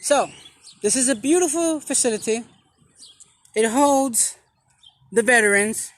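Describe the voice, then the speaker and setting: A man acting as a self-styled street preacher in a comic vlog sermon, speaking theatrically with dramatic pauses and repeated phrases. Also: very high voice, lively intonation.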